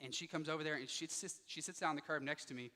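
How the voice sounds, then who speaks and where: A man giving a motivational speech to students, telling a personal story with lively delivery and acting out the dialogue. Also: a little high, fast talker, in a large hall. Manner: animated, acts out quoted dialogue. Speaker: motivational speaker. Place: school auditorium.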